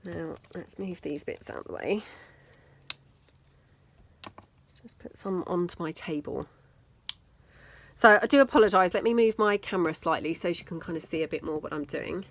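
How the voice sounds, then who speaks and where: British woman chatting thru her craft project, lowish voice, bit self-deprecating. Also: normal speed, creaky, long pauses, slight background noise. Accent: British English. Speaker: mixed media craft video host. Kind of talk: casual crafting tutorial, talking while working.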